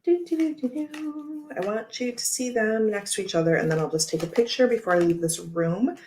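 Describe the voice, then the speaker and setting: A woman's voice: on the high side, moderate pace, a little mellow, a little hiss or hum. A woman hosting a tarot livestream, chatting casually and rambling with frequent laughs while she handles cards.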